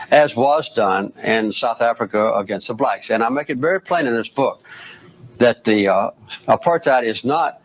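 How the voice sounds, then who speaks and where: An older man from the United States answering questions as a guest in a television interview, speaking in a measured, firm way and clearing his throat now and then. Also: medium pitch, poor audio.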